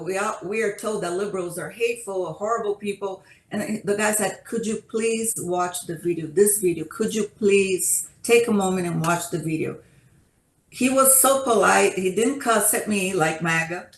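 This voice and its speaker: A woman on a panel, telling her story in a lively, casual way with many restarts. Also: medium pitch, reverberant, poor audio.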